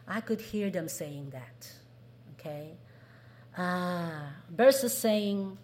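A woman's voice: fairly low pitch, animated, slow pace, pauses often, darkish tone. A woman preaching a sermon, asking the congregation questions and acting out what people say. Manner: asks the congregation questions, acts out quoted voices.

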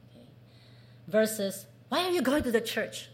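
A woman's voice: on the high side, animated, moderate pace. A woman preaching a sermon, asking the congregation questions and acting out what people say. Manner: asks the congregation questions, acts out quoted voices.

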